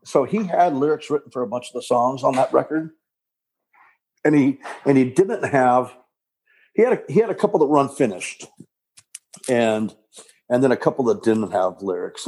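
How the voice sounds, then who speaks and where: Gravelly, husky-voiced man, rambling. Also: mid-range voice, mellow. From Southern California. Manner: rambling, halting, with restarts and laughs. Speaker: punk singer, guest. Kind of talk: casual interview.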